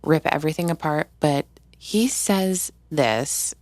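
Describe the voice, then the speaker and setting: A woman hosting a casual recap video, talking in an animated, blunt and profane way. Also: deep voice, slow, dry recording. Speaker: video host.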